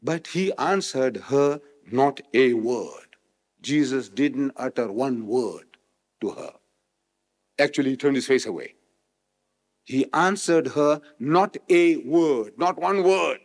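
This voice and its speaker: A man from South Africa giving a public religious lecture, switching between loud rhetorical questions and quiet explanation. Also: medium pitch, slow. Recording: echoey hall, old remastered recording.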